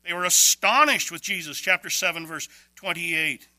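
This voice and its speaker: A man preaching an expository sermon, emphatic, with quick bursts and slow, stressed words. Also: high voice, sharp tone, dry recording.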